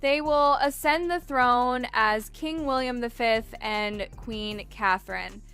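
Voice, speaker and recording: Solemn old king, read by a woman, measured, high and bright voice. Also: clear, resonant tone, faint music behind. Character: aging male king abdicating, solemn and gentle.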